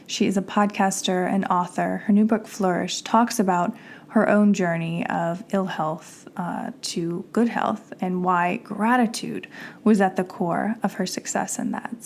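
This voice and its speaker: Woman podcast host, chatty and upbeat, slightly gravelly voice, thirties. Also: medium pitch, a little mellow, slight background noise. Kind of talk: casual podcast talk and ad reads.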